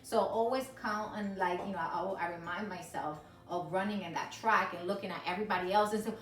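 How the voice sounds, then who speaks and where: A woman's voice: fairly low pitch, brisk. A woman co-hosting a faith-based marriage chat, speaking emphatically and acting out her own inner thoughts. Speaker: co-host of a marriage ministry show. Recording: roomy sound, mic at a distance, soft music.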